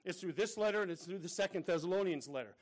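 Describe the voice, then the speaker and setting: A man's voice: high-pitched, fast talker. A middle-aged male pastor preaching a sermon, earnest and full of rhetorical questions, calling his listeners brethren.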